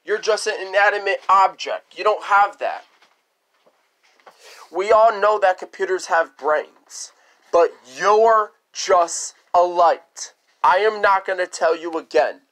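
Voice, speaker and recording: Slow, high-voiced man scolding. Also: fairly bright tone. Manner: scolding and repetitive. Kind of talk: improvised cartoon monologue.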